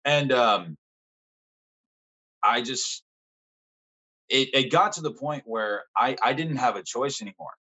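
A young man as a podcast guest, frankly telling a personal story in casual conversation, swearing often and pausing with fillers. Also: mid-range voice, expressive, sharp tone, slightly rough, rough recording.

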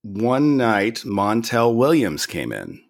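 A man with a somewhat low voice co-hosts a casual chat, telling a long story at a relaxed, measured pace. He pauses now and then with small fillers as he recalls the details. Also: gravelly. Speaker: podcast co-host.

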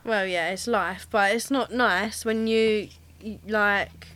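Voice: medium pitch, steady tone, slow pace, pushed and bright. A podcast co-host in casual chat, mostly giving short agreeing replies.

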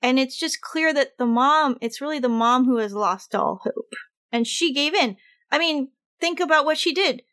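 A woman co-hosting a casual film discussion podcast, animated and swearing casually. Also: high voice, moderate pace. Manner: lively, animated, swears casually, laughs often. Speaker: podcast co-host.

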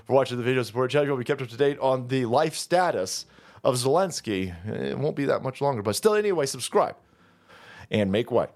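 A man's voice: medium pitch, expressive, a little fast, darkish tone. A man hosting a profane political rant, sarcastic and combative in manner. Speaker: political commentary host.

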